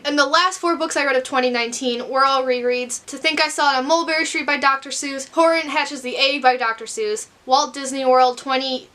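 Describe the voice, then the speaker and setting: A young book vlogger with a high, sharp voice chats to camera about books while sitting on her bedroom floor at night. She's chatty, rambling, and self-deprecating.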